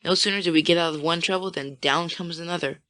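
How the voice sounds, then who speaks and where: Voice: mid-range voice, fairly even intonation, fast talker, bright, forceful tone, dry recording, lightly acted. An audiobook reader voicing a fretful, tomboyish young woman in a storybook.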